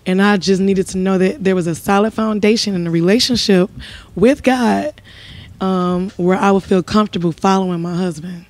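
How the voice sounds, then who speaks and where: Animated woman telling stories on a podcast. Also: mid-range voice, moderate pace. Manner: animated storyteller, acts out quotes. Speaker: guest. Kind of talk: casual podcast chat.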